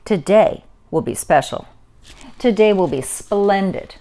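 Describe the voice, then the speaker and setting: A woman's voice: medium pitch, lively intonation, measured pace, dark tone. A woman reading the part of a loving mother in a picture book, speaking reassuringly and with feeling. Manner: reassuring, then apologetic. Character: worried but loving young mother.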